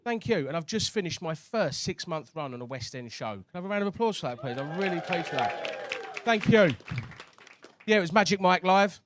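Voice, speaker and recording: A man's voice: sits high, animated, fairly quick, noisy background. A male stand-up comedian, chatting with and teasing a live crowd from a club stage.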